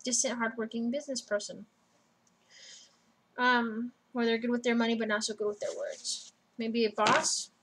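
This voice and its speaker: A woman with a slightly high voice giving a personal tarot reading. She talks casually and bluntly, cursing freely as she goes through the cards. A faint hum sits behind her. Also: little pitch movement, normal speed, pauses often. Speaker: tarot reader.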